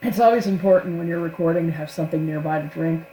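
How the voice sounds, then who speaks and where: A woman's voice: low voice, quick pace, mellow, slight background noise, poor audio. A woman voice actor talking casually to the camera, chatty and self-deprecating.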